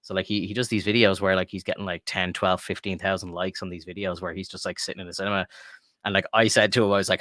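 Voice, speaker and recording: Fast-talking deep Irish man. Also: level tone, fairly bright tone, dry recording, studio quality. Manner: rambling storyteller, swears freely, says "like" a lot. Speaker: podcast co-host. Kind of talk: casual chat. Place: home room with guitars.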